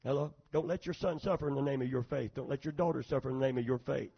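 A middle-aged man preaching a sermon, moving between hushed storytelling and fervent, shouting emphasis. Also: medium pitch, fast talker, gravelly, breathy edge, muffled recording.

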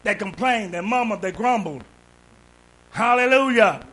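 Guy preaching in church, high bright voice, calls out to the crowd and gets shouty. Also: animated, a little fast, breathy edge, low-quality recording. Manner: call-and-response preaching, rising to shouts. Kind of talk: sermon.

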